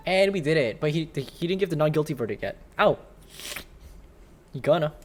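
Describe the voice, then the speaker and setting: A man's voice: a little high, lively intonation, normal speed. A man giving casual, joking commentary while playing a game, with laughing asides. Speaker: let's play host. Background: game music.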